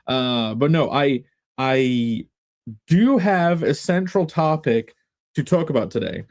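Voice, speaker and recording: An English man chats casually on a live stream from a half-emptied room in his home, his talk meandering and wry. His voice is animated and a little mellow, with big swings in pitch, and he takes his time.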